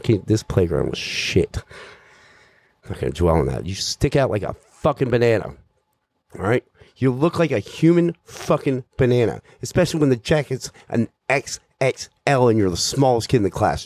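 A man with a deep, low voice delivers a stand-up comedy story, rambling and swearing nearly every line. He mocks himself as he goes. The sound is close and dry with no room echo. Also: darkish tone. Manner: rambling, swears constantly, self-mocking.

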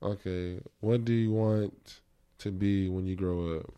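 Deep-voiced man hosting a podcast. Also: steady tone, a little slow, mellow, smooth. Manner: reflective, rambling, with many fillers and restarts. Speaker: podcast host. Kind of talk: casual podcast chat.

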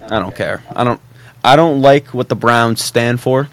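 A man's voice: medium pitch, measured pace. Blunt, opinionated man on a podcast. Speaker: podcast co-host. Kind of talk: casual sports podcast chat.

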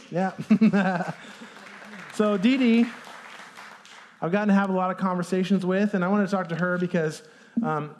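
A man's voice: high voice, a little mellow. A man preaching a sermon as pastor, talking in a casual, conversational way with fillers.

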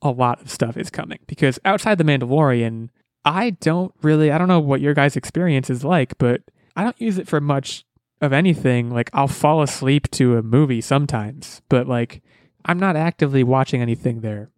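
A man's voice: medium pitch, moderate pace, darkish tone, no room sound. A man hosting a casual gaming podcast, talking in an upbeat, rambling way and often correcting himself mid-sentence. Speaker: podcast host.

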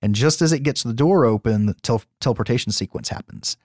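A man co-hosting a podcast, recapping a horror film in a casual, profane, animated way. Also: mid-range voice, fast talker, no echo, clean studio sound. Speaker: podcast co-host. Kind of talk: casual chat.

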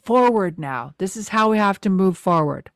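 A young woman co-hosting a casual podcast, recapping a TV episode in an animated, exasperated way, with lots of "like". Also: mid-range voice, normal speed, no echo, studio quality. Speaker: podcast co-host.

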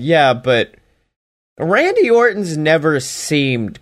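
A man's voice: on the high side, sing-song, takes it slowly. A man giving a casual, sarcastic recap of a wrestling show, laughing as he mocks it. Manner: sarcastic, mocking, laughs while talking.

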